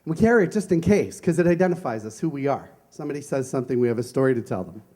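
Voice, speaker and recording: A man's voice: medium pitch, expressive, rapid-fire, warm tone. A man giving a conversational sermon as a minister, telling personal stories and asking rhetorical questions. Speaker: minister giving a Sunday talk.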